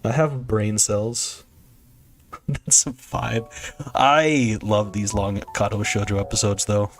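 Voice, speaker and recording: A man's voice: lowish voice, fairly even intonation, takes it slowly, faint music behind. A young man chatting casually on a game stream, rambling and joking with frequent laughter. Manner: rambling, jokey, laughs often. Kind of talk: casual gameplay stream chat.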